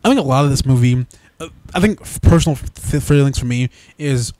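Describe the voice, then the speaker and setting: A man co-hosts a casual movie review, speaking briskly at medium pitch on a dry recording. He's animated and mocks the dialogue in exaggerated put-on voices.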